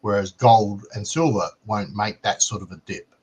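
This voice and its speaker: A man as co-host on a casual stream, explaining in a relaxed plain way and ending points with "right?". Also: on the low side, moderate pace, slightly rough. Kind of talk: casual chat.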